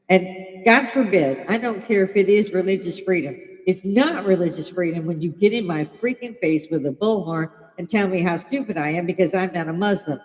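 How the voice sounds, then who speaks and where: A woman's voice: fairly low pitch, darkish tone. Older lady from chicago ranting on a stream, swears a lot, laughs constantly, big echo on the sound. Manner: blunt and profane, laughing often. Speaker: livestream host. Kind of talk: casual opinionated livestream chat.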